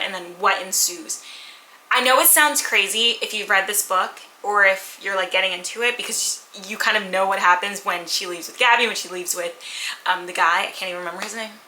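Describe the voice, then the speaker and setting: Bright-voiced chatty woman book vlogger. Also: mid-range voice, echoey room, slight background noise, rough recording. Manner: candid, animated, acts out characters' lines. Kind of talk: casual chatty book review. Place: at home with a purring cat nearby.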